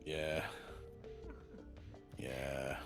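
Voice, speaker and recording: A woman's voice: a bass voice, level tone, extremely slow, over music. A woman in a casual chat who chimes in with short interjections and laughs along.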